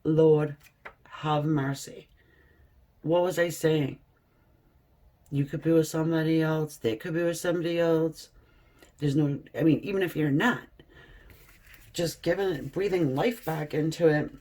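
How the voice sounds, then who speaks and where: A woman giving a casual tarot reading, reading card texts aloud slowly with chatty asides to her viewers. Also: low-pitched, fairly even intonation, warm tone. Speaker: tarot reader.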